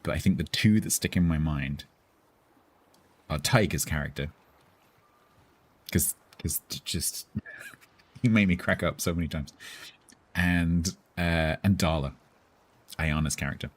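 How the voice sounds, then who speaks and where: A man chats loosely with his stream audience, often restarting his sentences and chuckling. His voice sits very low and has a husky edge. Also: measured pace, long pauses. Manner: rambling, self-interrupting, chuckles often. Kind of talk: casual chat with viewers.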